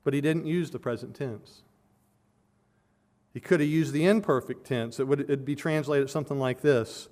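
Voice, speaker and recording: A man's voice: mid-range voice, moderate pace, a little mellow. A man preaching an expository sermon, earnest and building to emphatic peaks as he explains a scripture passage verse by verse.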